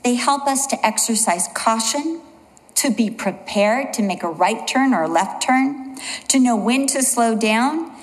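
A woman preaching a sermon, telling stories earnestly and slowing down with a lower voice to stress her points. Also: lively intonation, big-room sound, low-quality recording. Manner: earnest storytelling, slows and drops low for emphasis.

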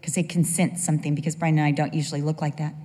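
A woman's voice: sits low, racing, breathy edge. Older woman preaching in a reverberant hall. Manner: animated storyteller who acts out quoted voices. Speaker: speaker at a church gathering. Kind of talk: sermon with personal storytelling.

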